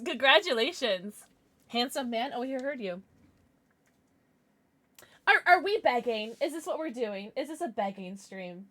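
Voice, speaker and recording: A woman's voice: fairly high pitch, animated, a little slow, long pauses, fairly bright tone. A woman streaming live, chatting casually with viewers and cooing over her pets. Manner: bubbly, coos over her pets, laughs often. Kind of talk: casual livestream chat.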